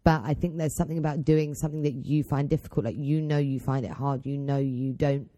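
A woman's voice: extremely low pitch, fairly even intonation, a little fast, mellow, dry recording, studio quality. A woman, co-hosting a podcast, thinking aloud in an agreeable, reflective way. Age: 20s. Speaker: podcast co-host. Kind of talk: casual chat.

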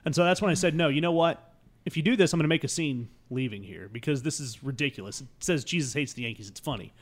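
A man telling a comic story on a podcast, acting out the other people in it and swinging between loud bursts and hushed asides. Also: medium pitch, animated, fast. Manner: acts out quoted voices, swings loud and soft. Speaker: podcast guest.

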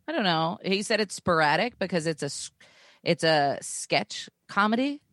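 A woman's voice: on the low side, expressive, moderate pace, fairly bright tone, no room sound. A young woman co-hosting a podcast, chatty and self-deprecating, swearing casually as she talks. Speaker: podcast co-host. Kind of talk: casual chat.

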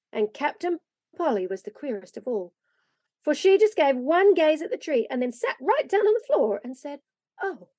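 A woman reading a classic children's story aloud, expressive and lively. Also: high-pitched, dry recording. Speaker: reader.

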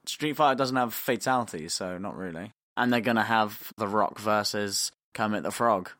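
A man's voice: normal speed, dry recording, studio quality. A man co-hosting a podcast, bantering casually and voicing strong opinions. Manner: opinionated, lively, drops to a low mutter when arguing. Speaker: podcast co-host.

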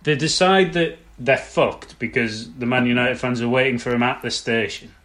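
A man's voice: medium pitch, normal speed, a bit bright. A man co-hosting a casual film review podcast, chipping in with sardonic jokes. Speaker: podcast co-host.

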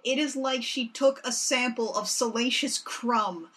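A young adult woman co-hosting a podcast, recapping a cartoon episode in a wry, animated, casual way. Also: a little high, unhurried, slightly rough. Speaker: podcast co-host.

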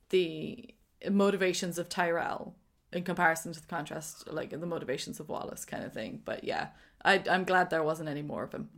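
A woman's voice: on the low side, a bit bright. A woman co-hosting a casual film podcast, easygoing and often laughing. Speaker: podcast co-host.

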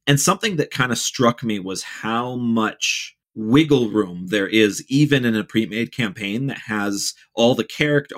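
A man in casual podcast conversation, speaking haltingly with frequent false starts. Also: mid-range voice. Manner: halting, many fillers and restarts, relaxed.

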